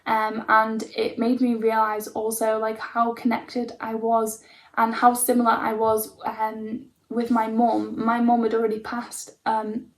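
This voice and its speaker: A woman's voice: on the high side, completely flat delivery, measured pace. A young woman casually telling her own life story to camera, rambling with lots of likes and ums.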